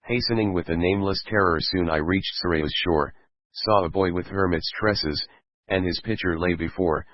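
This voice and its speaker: Man reading rhyming verse for an audiobook, really deep voice, kinda muffled. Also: no echo. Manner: steady, measured recitation of rhyming verse. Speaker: audiobook reader. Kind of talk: scripted narration of verse. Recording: dull lo-fi dry recording.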